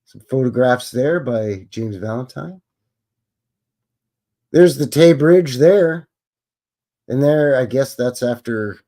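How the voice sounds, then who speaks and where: Stream host, male, middle-pitched and animated, reads text then drops dry self-mocking asides. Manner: wry, self-deprecating asides between read passages. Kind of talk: reading aloud with offhand commentary.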